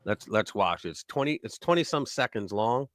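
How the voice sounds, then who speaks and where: A man hosting a live commentary stream, talking in a lively way that swings up and down. His voice is bright and forward, and it sounds dry, with no room echo. He jokes and reads news items aloud in a casual chat. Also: fairly low pitch, normal speed. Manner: animated, joking, reads articles aloud.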